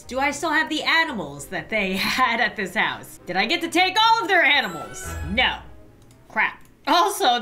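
A woman commentating as she plays a life sim game, excitable and squealing at cute animals while cracking playfully dark jokes. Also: high voice. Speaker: gaming YouTuber.

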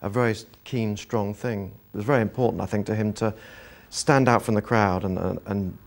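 A man's voice: on the low side, steady tone, fairly quick, creaky. A man giving articulate, analytical commentary in an interview.

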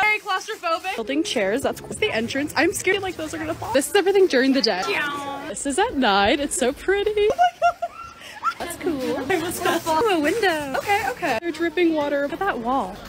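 A young woman narrates her lifestyle vlog over the clips, her voice high and swooping up and down as she talks. She rattles along quickly and gushes over each thing she shows. It sounds like it was recorded on a phone. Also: lively intonation. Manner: bubbly, gushing product talk. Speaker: lifestyle influencer.

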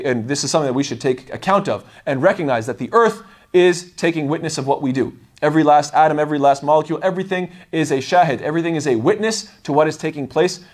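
A man giving an explanatory religious lecture as a Quran teacher, animated and acting out the voices he quotes. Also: on the high side.

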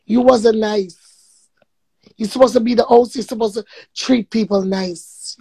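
A woman's voice: on the high side, steady tone, unhurried, creaky, long pauses, warm tone, breathy edge, no room sound, low-quality recording. A Jamaican woman delivering a blunt, profane, confrontational rant to camera. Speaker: vlogger.

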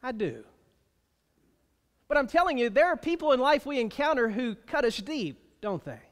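A man preaching a sermon as pastor, emphatic, slowing down to stretch out key phrases. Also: extremely high pitch, animated. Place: church sanctuary. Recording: long reverb of a church hall.

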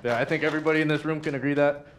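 A man's voice: on the high side, fairly even intonation, very fast, a little hiss or hum. Hesitant man asking from the audience. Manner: hesitant, stumbling, lots of ums. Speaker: audience member asking a question. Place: theater audience at a screening Q&A.

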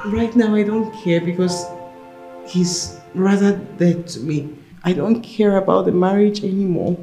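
A woman's voice: medium pitch, warm tone, soft background music, close to an everyday voice. A woman playing a cold, wounded Nigerian wife. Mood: bitter. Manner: firm, cold, measured. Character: heartbroken, cold young wife seeking revenge.

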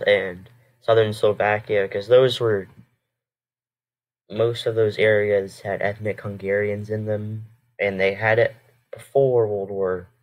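Lowish-voiced guy rambling over a history vid, lots of ums, keeps correcting himself. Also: lo-fi sound. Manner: hesitant, rambling with many fillers and self-corrections. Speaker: reaction video host. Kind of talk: casual reaction commentary.

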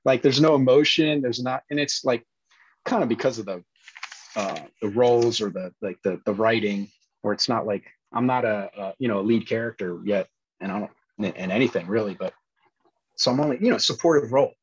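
A man with a breathy, husky voice talks through his acting experience in a relaxed interview. He rambles earnestly and restarts his sentences often. The audio is dull and muffled, with no room sound at all. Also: medium pitch, brisk, no echo. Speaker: actor and former police officer, podcast guest. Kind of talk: casual interview chat.

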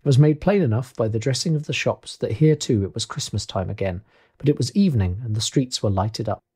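A man reading a classic novel aloud as an audiobook, measured and expressive. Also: mid-range voice, breathy edge. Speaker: audiobook reader. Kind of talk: audiobook narration.

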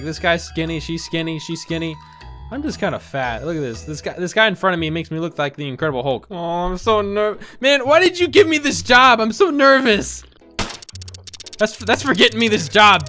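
A young man with a high, bright voice commentates on a game he is playing, cracking jokes and laughing as he goes. He stumbles over quick restarts now and then, and faint music plays under his talk. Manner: jokey, laughing often, quick stammering restarts. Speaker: gaming video host. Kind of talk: casual gameplay commentary.

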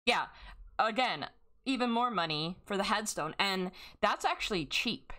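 A woman's voice: mid-range voice, expressive, measured pace, pushed and bright. A young woman game streamer in a casual, emotional rant, grieving and angry, swearing often as she vents. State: grieving and upset.

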